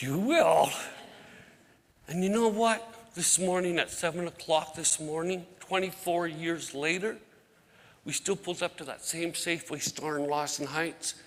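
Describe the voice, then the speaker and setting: A middle-aged man telling a lively, folksy story to a church congregation, acting out the voices of the people in it. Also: a little high. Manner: animated storyteller who acts out voices, folksy and plain-spoken. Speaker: outreach ministry leader, guest speaker. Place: church sanctuary. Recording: hall reverb from a church sanctuary.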